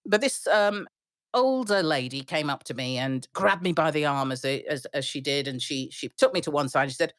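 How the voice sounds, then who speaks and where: A middle-aged woman airline pilot telling stories in an interview, animated, with frequent restarts and laughs. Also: sits low, normal speed, dry recording, studio quality. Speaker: airline pilot, podcast guest. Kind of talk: storytelling interview.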